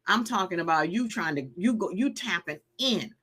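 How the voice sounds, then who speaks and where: Woman, fifties, live-stream host, emphatic, preachy, bright forceful tone. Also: on the low side, lively intonation, moderate pace, slightly rough. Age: 50s. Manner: emphatic, preachy, repetitive, reads chat comments aloud. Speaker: live show host giving healing advice. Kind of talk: live-stream talk to viewers.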